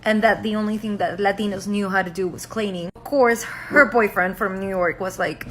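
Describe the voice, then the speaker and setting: A woman speaks at a middle pitch, recounting a story earnestly and steadily. A faint background noise sits behind her voice. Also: steady tone, normal speed. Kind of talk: casual storytelling.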